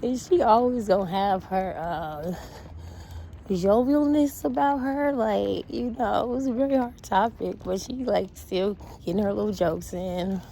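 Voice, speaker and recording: A woman chatting casually on a walk outdoors, reacting to an interview with animated, blunt talk, laughter and swearing. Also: medium pitch, measured pace, vocal fry, a little hiss or hum, rough recording. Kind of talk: casual chat.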